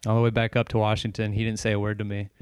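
A stand-up comedian spins a wild tale in relaxed conversation, his voice low and smooth. The sound is close and dry, like a studio podcast. He gets loud and animated, swears freely and plays out the lines people said. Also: very fast, dry recording. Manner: animated, profane, restarts and acts out quotes. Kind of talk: casual storytelling chat.

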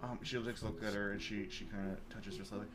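A man's voice: on the low side, little pitch movement, quick pace, over loud music. A man running a tabletop fantasy game as game master, narrating in a loose, chatty way with fillers.

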